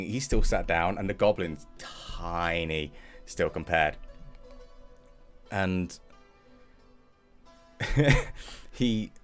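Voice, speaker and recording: Brief: casual game master, very deep voice, faint background music. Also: male voice. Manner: loose, chatty narration with fillers and restarts. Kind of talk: narrating a tabletop game.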